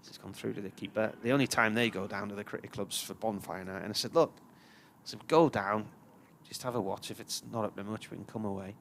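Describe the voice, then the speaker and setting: A man's voice: on the low side, steady tone, fast talker, vocal fry, few pauses, a bit bright, slight background noise. A man, commentating on live cricket and telling a long, chatty anecdote. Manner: chatty storyteller, puts on voices for characters in his tales.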